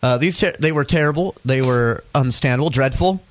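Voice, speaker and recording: A man's voice: mid-range voice, a little fast, rough recording. A young man co-hosting a comedy podcast, goofy and loopy, rambling through riffs. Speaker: podcast co-host. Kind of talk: improvised comedy banter.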